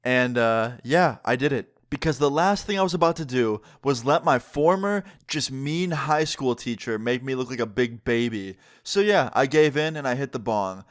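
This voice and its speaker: A young man chatting through a storytime for his channel, voice sitting at an ordinary middle pitch. He tells it casually and excitably, leaning on "like" as he goes. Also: normal speed, hardly any pauses. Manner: casual, excitable retelling with frequent "like". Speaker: vlogger. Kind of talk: storytime vlog.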